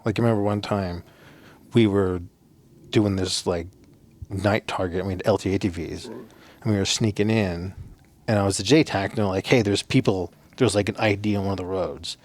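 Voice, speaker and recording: Low-voiced man telling a story, crude. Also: fairly even intonation, normal speed, a little mellow. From Navajo reservation, United States. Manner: rambling, lots of fillers and cursing. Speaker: podcast guest, former soldier. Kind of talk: casual storytelling.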